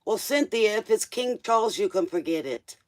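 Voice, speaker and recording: A man's voice: sits high, lively intonation, moderate pace, a little hiss or hum. A man doing a live-stream tarot reading, casual and joking, talking straight to the viewer in loose, slangy speech. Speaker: tarot reader.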